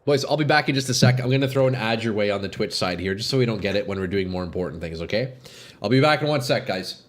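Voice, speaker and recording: A man streaming a game live, chatting casually with viewers, excitable and swearing, sniffling from a runny nose. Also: on the low side, quick pace. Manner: excitable, swears, calls chat "bro" and "dude". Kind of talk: casual live gameplay chat.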